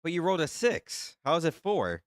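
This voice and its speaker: A man hosting a live stream who reads out the chat in a flustered, excitable way and teases the viewers. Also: on the high side, brisk, smooth, no room sound, studio quality. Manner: flustered and excitable, laughing often, teasing viewers. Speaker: livestream host reading chat.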